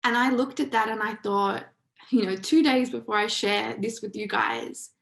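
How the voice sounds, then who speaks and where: Gravelly-voiced woman hosting a motivational talk. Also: mid-range voice, lively intonation, normal speed, a bit bright, poor audio. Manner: emphatic, casual, with swearing. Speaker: host of a live online session.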